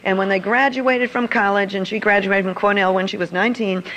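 A woman's voice: mid-range voice, fairly even intonation, brisk, a bit bright, rough recording. An older woman telling a personal story to an audience in a confiding manner. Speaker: speaker. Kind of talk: storytelling talk.

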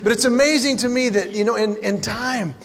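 A man doing animated stand-up storytelling, exaggerating for laughs. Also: very high voice, a little fast. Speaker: comedian. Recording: live hall with reverb and faint noise.

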